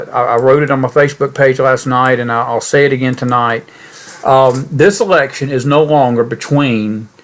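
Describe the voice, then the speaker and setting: A middle-aged man hosting a political podcast, his voice sitting at an ordinary mid pitch. His delivery is folksy and earnest, and it grows indignant as he talks straight to his listeners. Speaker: podcast host.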